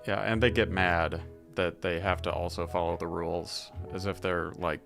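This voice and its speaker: Low, gravelly male co-host, dry and matter-of-fact, handling viewer questions over faint music. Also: little pitch movement, moderate pace, a bit bright. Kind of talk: casual livestream Q and A.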